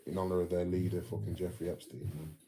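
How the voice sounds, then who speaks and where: An English man rants casually on a livestream, swearing a lot, rambling, and tagging his lines with "man" and "mate." His low voice is fast and steady in tone, the recording is rough, and music plays loudly behind him.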